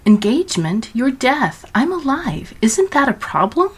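A woman voicing a defiant, headstrong young woman who talks curtly and with quick exasperation in a storybook reading. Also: medium pitch, sing-song, a little mellow, husky, pitched above the performer's own voice. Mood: exasperated.

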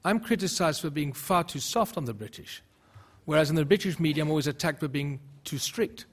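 A man whose first language is German, speaking at a public debate with earnest rhetorical questions and halting restarts. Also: a little high, animated, slightly rough. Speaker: panel speaker.

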